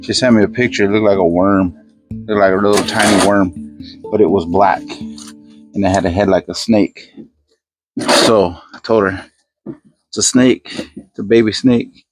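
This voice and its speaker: A man's voice: low-pitched, fairly even intonation, moderate pace, pauses often, music in the background. An older man chatting casually into his phone camera outside by his garage, rambling and easygoing as he works. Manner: rambling, easygoing, talks to himself while working. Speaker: vlogger. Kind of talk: casual day-in-the-life vlog. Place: outdoors by his garage, working on a fridge.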